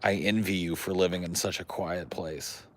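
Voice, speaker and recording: A man's voice: deep voice, fairly even intonation, moderate pace, a little hiss or hum. A man hosting a podcast in crude, rambling banter, cursing and saying "dude" and "like" a lot. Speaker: podcast host.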